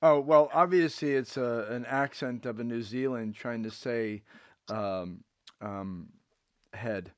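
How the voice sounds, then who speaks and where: A man's voice: mid-range voice, slow, no echo, clean studio sound. A man co-hosting a casual podcast chat, cracking jokes and teasing the others. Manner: teasing, jokey wisecracks. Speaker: co-host.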